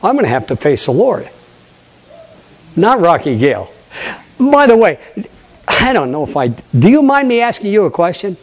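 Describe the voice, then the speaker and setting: An older man, a pastor, preaching a lively sermon, acting out conversations and questioning his congregation. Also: high-pitched, normal speed, pauses often. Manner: animated preaching, acts out dialogue, asks the congregation questions.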